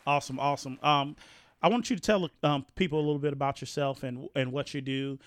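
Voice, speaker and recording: A man hosting a podcast, talking in an animated, rambling way with many restarts. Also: medium pitch, fast, dry recording, clean studio sound. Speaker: podcast host. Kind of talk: casual podcast talk.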